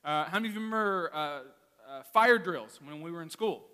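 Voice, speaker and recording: High, bright-voiced pastor preaching in a hall. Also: male voice, a little fast. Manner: animated, conversational preaching with storytelling. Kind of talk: sermon. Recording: reverberant hall.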